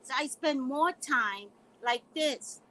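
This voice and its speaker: A middle-aged psychic reader hosts a casual live stream, speaking bluntly and sassily to viewers she calls "guys" and laughing along the way. Her voice is high, bright, and forceful at a slow pace, though the recording is rough.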